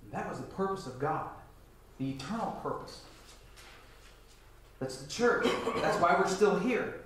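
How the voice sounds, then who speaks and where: Man, 40s, high-pitched preacher, lecture-sermon delivery, heard from a distance in a very echoey church hall. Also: animated, a little slow, a bit bright, slight background noise. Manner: emphatic, rhetorical questions, reads scripture aloud.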